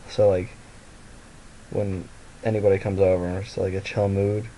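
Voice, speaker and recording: A man's voice: deep voice, flat delivery, normal speed, dark tone, slight background noise, poor audio. A tired young man rambling casually in a vlog at home, with lots of fillers and restarts and a sleepy voice. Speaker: vlogger. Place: at home by a mirror.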